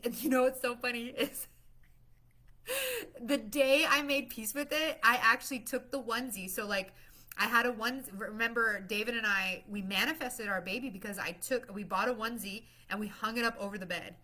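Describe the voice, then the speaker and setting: A woman's voice: medium pitch, sharp tone. A woman chatting casually on a live stream, bubbly and rambling, laughing often as she greets viewers and promotes her class. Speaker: livestream host promoting her masterclass.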